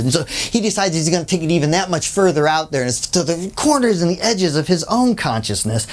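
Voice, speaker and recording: At a workshop, a speaker with a medium-pitched voice talks briskly, barely pausing, as they share an anecdote. The lecture is conversational and storytelling-style, full of asides, with the speaker animatedly voicing each character.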